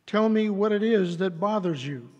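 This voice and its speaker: A man's voice: high-pitched, lively intonation, normal speed, a little mellow, big-room sound. A man reading the lines of a clever, scheming young adviser in a plain voice. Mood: coaxing.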